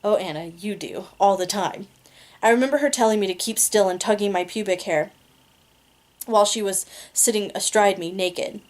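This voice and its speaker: A woman's voice: mid-range voice, normal speed, darkish tone. A woman reading a romance novel aloud in a casual amateur way, laughing at her own slips. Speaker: reader.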